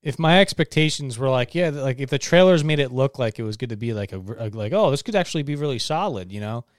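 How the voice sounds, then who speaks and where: A man's voice: mid-range voice, animated, fast, no room sound, clean studio sound. A young man chatting casually as a podcast co-host, rambling through a movie review with lots of filler words.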